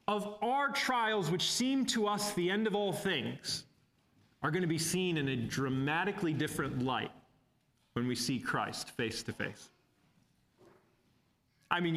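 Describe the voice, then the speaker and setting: A man's voice: sits high, a bit bright. A man preaching a sermon, earnest and exhorting, who calls his listeners beloved.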